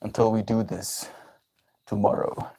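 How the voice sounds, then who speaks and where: A lowish, slightly mellow voice with a steady tone and moderate pace, recorded with no echo, belongs to a Canadian daily livestream host. He chats with viewers affectionately and playfully, rambling, giggling, and coining silly words.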